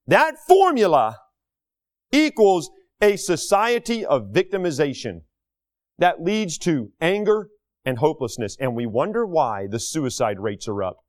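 A man delivering an emphatic, indignant opinion monologue, full of rhetorical questions, as a talk show host. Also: high voice.

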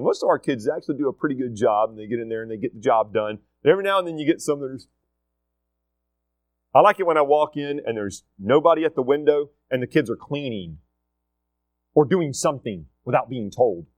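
With a mid-range voice, a middle-aged school leader delivers an informal, forceful talk to students, circling back to his key points and acting out quotes. The recording is echo-free.

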